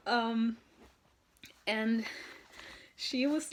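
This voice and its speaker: A woman from Norway, telling a story in an excited vlog, full of "like" and "um". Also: fairly high pitch, a little slow, gravelly. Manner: gushing, excitable, heavy use of "like" and "um". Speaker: vlogger.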